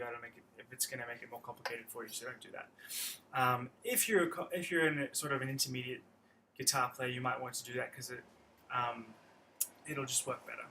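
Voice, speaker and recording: A man's voice: mid-range voice, poor audio. A man teaching a guitar lesson on a livestream, explaining chords step by step and counting out picking patterns. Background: his own acoustic guitar playing.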